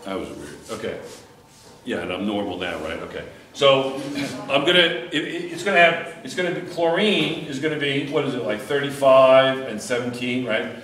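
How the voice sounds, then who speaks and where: A man with a mid-range, slightly bright voice teaches a chemistry class at normal speed, lecturing and teasing his students with jokes. The classroom sounds echoey, with faint background noise.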